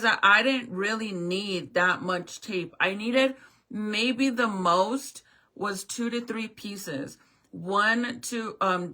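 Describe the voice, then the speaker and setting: Bright-voiced woman ranting a storytime. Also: medium pitch, gravelly. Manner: animated, swears often, acts out both sides of the talk. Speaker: vlogger. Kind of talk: casual storytime rant.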